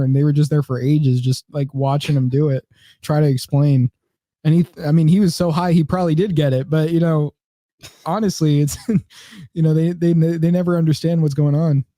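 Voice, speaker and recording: A man's voice: on the high side, warm tone, no echo, studio quality. A young man co-hosting a comedy podcast, telling stories in a rambling, filler-heavy way. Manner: rambling storyteller, many fillers. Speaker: podcast co-host. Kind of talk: casual comedy chat.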